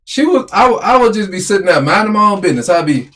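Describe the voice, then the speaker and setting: Man, high-pitched, slightly hoarse, animated complaining, casual podcast. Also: quick pace, few pauses. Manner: animated, complaining, repeats himself. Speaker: podcast co-host. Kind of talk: casual argumentative chat.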